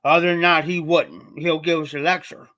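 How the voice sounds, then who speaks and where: A man's voice: on the high side, flat delivery, moderate pace, sharp tone. A man from Ohio hosting a livestream, telling a personal story in a rambling, repetitive, colloquial way. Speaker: livestream host.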